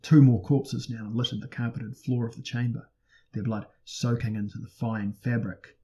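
A man reading a fantasy audiobook in a steady, dramatic narration. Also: mid-range voice, moderate pace, poor audio.

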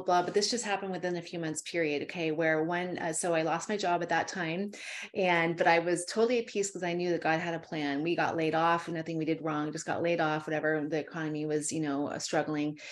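Female interview guest, lower register, emotional storyteller who acts out every exchange. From California. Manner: animated, fervent storyteller with many asides.

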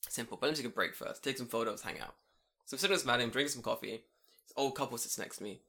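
A young man telling a story in casual podcast chat, animated, swearing and laughing. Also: mid-range voice, rapid-fire, creaky.

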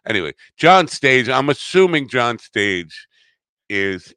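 A man's voice: medium pitch, slow pace, dry recording. A middle-aged man hosting a podcast, chatting casually and playfully, wandering off on tangents. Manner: rambling, playful, lively intonation. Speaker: podcast host. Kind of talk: casual chat.

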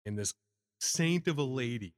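A man's voice: medium pitch, animated, normal speed, no echo. A man co-hosting a casual podcast who laughs often and tells his own sales stories in an easygoing way. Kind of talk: casual chat.

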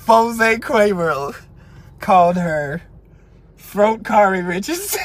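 Reading out a story on his podcast, a man layers on crude, comic commentary at a measured pace. His voice is very high and his intonation lively, and he shifts between shouting, trailing off into mutters, and laughing at his own jokes.

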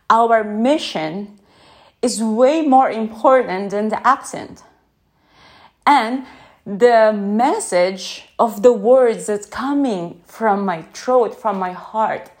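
A woman who is not a native English speaker, talking slowly and gently in an unscripted podcast recorded on her phone, often checking in with "yeah?". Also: mid-range voice. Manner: slow, gentle, reflective, asks listeners "yeah?". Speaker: podcast host. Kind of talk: unscripted reflective podcast talk.

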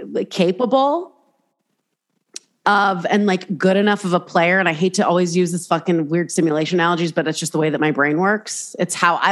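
A woman hosting a podcast, talking casually, swearing freely and rambling through restarts while acting out voices in her stories. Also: lowish voice. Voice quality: swears freely, animated storytelling with acted-out inner voices. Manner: rambling, restarts mid-sentence. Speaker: podcast host. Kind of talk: casual chat.

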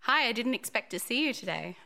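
A woman's voice: a little high, expressive, a little fast, gravelly, pushed and bright, voice pushed up, exaggerated voice. A woman reading an earnest teenage church girl. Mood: friendly. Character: earnest teenage girl who leads an abstinence group. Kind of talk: table reading of a musical script.

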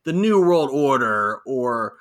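A young man co-hosting a casual wrestling recap podcast, animated and quick to laugh. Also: medium pitch. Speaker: podcast co-host.

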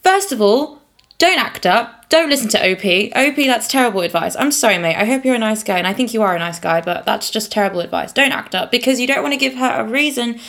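A woman's voice: on the high side, animated, quick pace, fairly bright tone. A young woman co-hosting a podcast in casual chat, giving frank, blunt advice. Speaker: podcast co-host, agony aunt.

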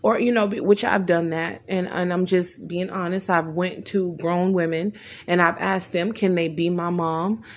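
Telling a personal story about therapy, a woman with a lowish voice speaks at a moderate pace in a steady tone roughened by gravelly vocal fry. She relays dialogue plainly and with real feeling, frequently tripping up and starting sentences over.

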